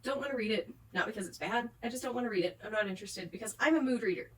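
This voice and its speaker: A woman's voice: fairly high pitch, very fast, recorded from a distance. A young woman ranting in a book vlog at home, rambling and swearing, worn out after a day of crying. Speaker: book vlogger. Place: home, with pets nearby.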